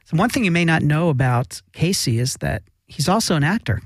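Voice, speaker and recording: A man's voice: on the high side, very animated, a little fast, no room sound. Upbeat teasing male interviewer. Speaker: host, interviewer. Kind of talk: casual interview chat.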